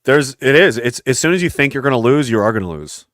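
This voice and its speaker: A man's voice: mid-range voice, very animated, fast, fairly bright tone, no echo. A man talking in a casual conversation, intense and rambling, often acting out voices from his stories. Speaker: podcast guest.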